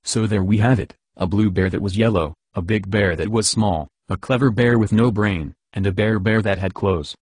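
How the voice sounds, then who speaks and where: A man reading a silly bedtime story in an even, deadpan way. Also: lowish voice, moderate pace, hardly any pauses, dry recording.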